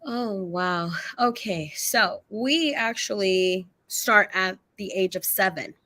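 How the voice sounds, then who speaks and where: A woman guest on a live interview, telling a personal story in an animated way and laughing often between her sentences. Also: medium pitch, slow. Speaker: guest psychic medium.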